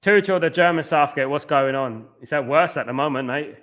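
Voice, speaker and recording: A man's voice: a little high, a little fast, fairly bright tone. A man hosting a live football watchalong late at night from home, reading viewer comments aloud and answering them in a rambling, blunt and scornful way about the match. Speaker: watchalong host.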